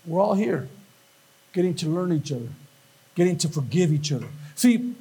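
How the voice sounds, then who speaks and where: Husky, high-voiced preaching man. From Northern California. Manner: animated, acts out voices and quotes. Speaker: pastor. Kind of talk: sermon.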